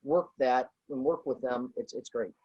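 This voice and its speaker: A woman's voice: very deep voice, moderate pace, mellow, slightly rough, muffled recording. A middle-aged woman, a business owner, answering interview questions in an earnest, rambling way with many fillers and restarts. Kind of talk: conversational interview.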